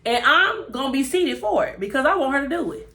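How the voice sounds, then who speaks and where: Woman reviewer, animated and chatty, acts out lines while recapping an episode. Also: high voice, brisk. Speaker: TV show reviewer.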